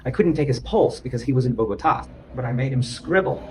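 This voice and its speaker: A male therapist explaining ideas to a client in an emphatic, repetitive way, sometimes chanting rhythms out loud. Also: mid-range voice, expressive, fast, background noise.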